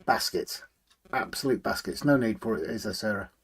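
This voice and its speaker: A man's voice: lowish voice, quick pace, gravelly, breathy edge. Chatty man hosting a livestream. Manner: chatty, greets viewers warmly by name, hums to himself while working. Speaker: livestream host. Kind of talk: casual live chat, reading out viewer comments.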